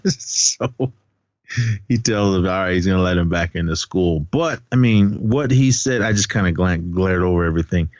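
A man's voice: deep voice, normal speed, a little mellow, dry recording, muffled recording. A man co-hosting a podcast, recapping a film in casual, rambling chat with frequent laughs. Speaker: podcast co-host.

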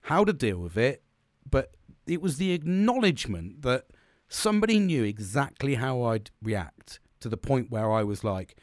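A man's voice: medium pitch, big pitch swings, moderate pace, no room sound, clean studio sound. A man in his forties telling a candid personal story, blunt and sweary, rambling with restarts.

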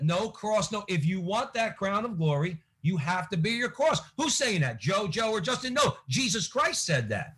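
Male co-host, high and husky, firm agreeing delivery. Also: animated, normal speed, hardly any pauses, a bit bright. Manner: emphatic, agreeing, repeats short slogans. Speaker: podcast co-host. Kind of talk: casual chat.

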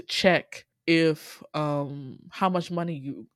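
Animated woman recapping a drama, dry sound. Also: slow, few pauses, no echo. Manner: animated storyteller, acts out quotes with big pitch jumps. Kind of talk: casual chat recapping a drama series.

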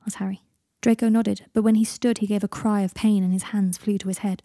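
A woman narrating a fan story in a calm, even audiobook style. Her voice is husky, mellow and darkish. The sound is dry and close, with no room in it. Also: medium pitch, fast talker, hardly any pauses, no echo. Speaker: fan fiction reader.

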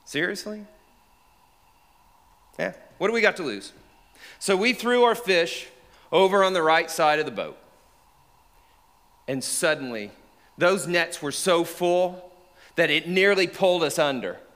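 An actor playing the apostle Peter, an earnest, remorseful fisherman, telling his story in the first person and swinging from hushed to shouted. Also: high-pitched, lively intonation, measured pace, long pauses. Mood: excited. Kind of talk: dramatic monologue. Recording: long reverb of a large hall.

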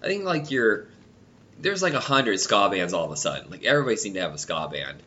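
A man with a head cold chatting casually about nineties music, his nasal voice stuffed up and deeper than usual. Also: very animated, quick pace, sharp tone, highs cut off. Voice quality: normally nasal voice.

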